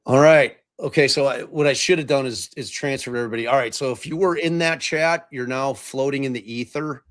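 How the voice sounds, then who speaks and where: A man's voice: medium pitch, a little fast, no room sound. A middle-aged man runs a casual live podcast stream. He jokes about his own clumsiness with technology and swears freely. His voice is close and dry. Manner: self-mocking, swears freely, fumbles with tech. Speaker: podcast host.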